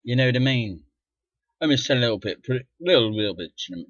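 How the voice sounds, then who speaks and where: An indignant middle-aged man rants into the camera, cursing freely and swinging between low muttering and loud outbursts. His voice sits at an ordinary pitch. The recording is dull and lo-fi, with a dry, close sound. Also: animated, a little fast, no echo. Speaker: vlogger. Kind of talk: ranting monologue to camera.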